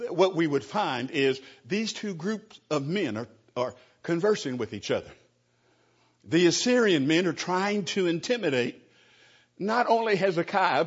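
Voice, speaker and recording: A man preaching a sermon as a pastor, animated and often stumbling over restarts. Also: fairly high pitch, breathy edge, lo-fi sound.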